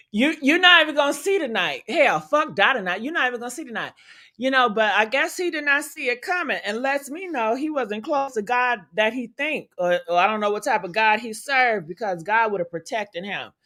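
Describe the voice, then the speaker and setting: A woman's voice: fairly high pitch, pushed and bright. A woman hosting a livestream, giving blunt, profane commentary and talking to her chat. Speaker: livestream host.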